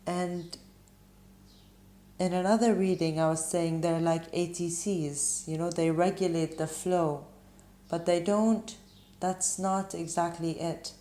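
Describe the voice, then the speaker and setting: A tarot reader offers a spiritual reading in a slow, low, mellow voice with a steady tone. Her manner is gentle and musing, broken by frequent ums while she hunts for words, and the room adds a clear echo.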